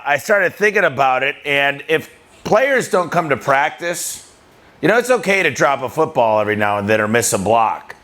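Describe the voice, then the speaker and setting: Man, business owner, casual rambling talk, medium pitch. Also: bright, forceful tone.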